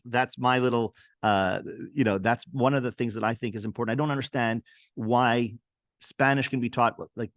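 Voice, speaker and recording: An earnest male podcast host whose first language is French talks thoughtfully, restarting phrases as he works out his point. His voice sits at a middle pitch. The sound is dry and close, with no room echo. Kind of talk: conversational interview.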